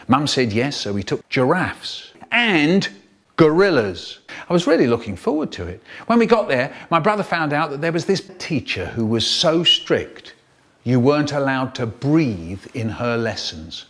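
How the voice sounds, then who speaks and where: A man telling a children's story in a theatrical way, with sudden jumps in pitch and loudness and silly voices for the people in it. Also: very animated, a little slow. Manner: does silly character voices. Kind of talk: animated storytelling, cut up and remixed.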